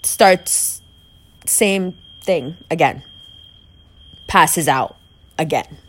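Chatty woman with a lowish voice. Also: extremely slow, fairly bright tone, breathy edge. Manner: chatty, peppered with "like", quoting herself. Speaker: storyteller. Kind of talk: candid personal storytelling.

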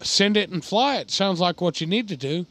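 A man in casual podcast banter, loud and animated, swearing and laughing often. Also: high-pitched, normal speed, dry recording. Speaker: podcast co-host.

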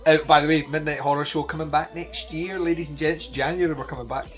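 An animated man talks through a movie review in casual podcast chat. He swears freely and laughs often as he gets going. Faint music plays behind him. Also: on the high side, fast. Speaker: podcast co-host.

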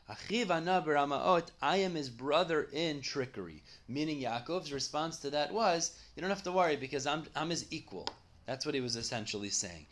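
A man's voice: medium pitch, a bit bright. A man teaching a Talmud study lesson, who reads each line aloud and then explains it in English.

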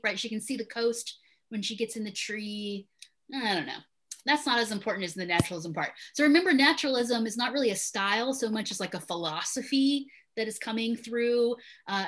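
A woman's voice: mid-range voice, a bit bright. A woman teaching a literature class, leading a chatty discussion with students and laughing often.

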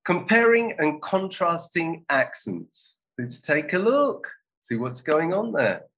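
A man hosting a casual show, introducing and reacting to videos with relaxed, wry asides. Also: on the high side, slow, poor audio. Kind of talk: casual live commentary.

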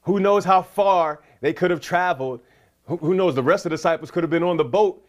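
Exuberant preacher man, higher voice. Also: a little fast. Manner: exuberant, breaks into whoops and laughs. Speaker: pastor. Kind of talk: sermon.

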